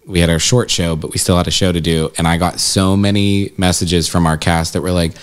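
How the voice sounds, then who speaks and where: A man with a very low voice talks casually about running a haunted house. He tells his stories with energy and slips into quoted voices along the way. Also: brisk, clean tone. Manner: animated storyteller, acts out quotes with jumps in pitch. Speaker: haunted house manager and scare actor. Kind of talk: casual interview chat.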